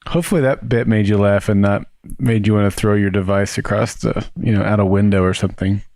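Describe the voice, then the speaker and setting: A man's voice: lowish voice, fast talker, no room sound. Jokey male podcast host, dry close mic. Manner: jokey, animated recapping. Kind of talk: casual podcast chat.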